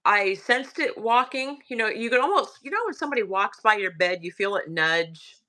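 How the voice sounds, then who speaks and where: A woman with a Southern US accent casually recounting a ghost story, hushed and halting with many fillers. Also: mid-range voice, very animated.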